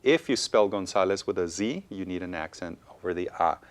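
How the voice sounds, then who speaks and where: A woman with a strikingly low, deep voice co-teaches a televised Spanish class. She sounds words out slowly and carefully, then explains the stress rules in English. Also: animated. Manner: slow deliberate pronunciation, code-switching. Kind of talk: televised language lesson.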